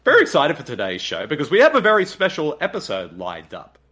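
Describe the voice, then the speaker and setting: An Australian man hosts a podcast in casual chat. He is upbeat and animated, and his voice rises and falls a great deal. He often repeats a word for emphasis. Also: on the high side, quick pace, slightly rough. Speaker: podcast host.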